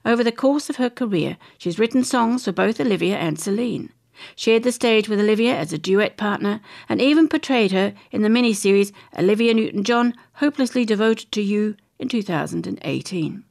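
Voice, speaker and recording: A woman's voice: medium pitch, brisk, creaky, darkish tone. An Australian woman reading entertainment news articles aloud, chatting and adding her own opinions between passages. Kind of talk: reading magazine articles aloud with casual asides.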